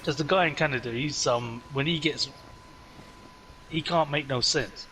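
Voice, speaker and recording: A man's voice: a little high, normal speed. A man chatting casually while gaming, retelling arguments animatedly and acting out the voices. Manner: animated storyteller, acts out quoted arguments. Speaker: gaming streamer. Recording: clear background noise.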